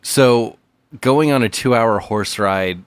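A man in casual comedic chat with a dry, unhurried manner. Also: mid-range voice, clean tone, no room sound.

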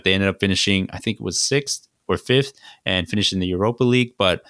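Easygoing man with a fairly low voice. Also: fairly bright tone, clear, resonant tone, no echo, studio quality. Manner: easygoing, hesitant, many fillers like "um" and "you know". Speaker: podcast co-host. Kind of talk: casual sports chat.

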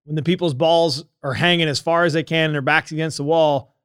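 A man's voice: fairly high pitch, steady tone, a little fast, a bit bright, smooth, no echo, studio quality. A man co-hosting a podcast who rambles heatedly, using lots of fillers and swearing. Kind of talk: casual political chat.

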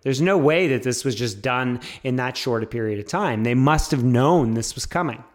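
A Canadian man co-hosting a podcast in casual chat, animated and exasperated, swearing as he gets riled. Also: medium pitch, normal speed. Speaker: podcast co-host.

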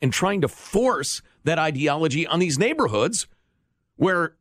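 A man's voice: a little high, animated, measured pace, no echo, studio quality. A man co-hosting a talk radio show, speaking in a sardonic, emphatic way. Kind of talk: casual talk radio banter.

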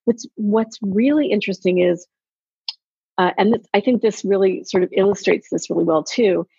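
A woman coaching in casual podcast chat, telling animated stories and acting out quotes. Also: mid-range voice, normal speed, vocal fry, breathy edge, dry recording. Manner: animated storyteller, acts out quotes. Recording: dull, dry lo-fi sound.

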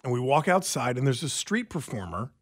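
A man co-hosting a radio talk show, telling stories in an animated, chatty way. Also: mid-range voice, fairly quick. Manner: chatty storyteller, animated retelling. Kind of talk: casual chat.

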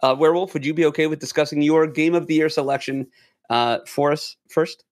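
A man's voice: a little high, fairly even intonation, a little fast, dry recording, studio quality. A man hosting a casual gaming podcast, introducing his friends with playful jokes. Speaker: podcast host. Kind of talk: casual chat.

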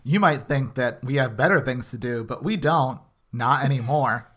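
Man, podcast co-host, deadpan humor, animated pitch. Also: moderate pace. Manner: deadpan jokey asides. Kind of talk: casual comedic podcast chat.

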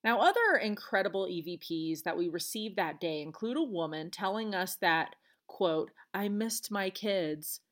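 A woman's voice: fairly low pitch, expressive, moderate pace, few pauses, fairly bright tone. A woman hosting a podcast, retelling events alone in a chatty, earnest way with casual asides. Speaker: podcast host. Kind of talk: solo podcast storytelling.

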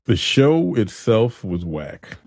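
A man with a very low voice chats casually on a podcast. He gives his opinions bluntly in loose slang and laughs between words. The sound is dry and close. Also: very animated, slow pace, creaky, a little mellow, dry recording. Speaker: podcast co-host.

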